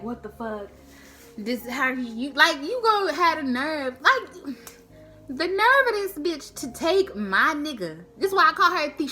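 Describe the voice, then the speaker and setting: Lively, bright young woman telling a story. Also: high voice. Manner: animated, slangy storytelling. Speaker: vlogger. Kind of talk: storytime vlog.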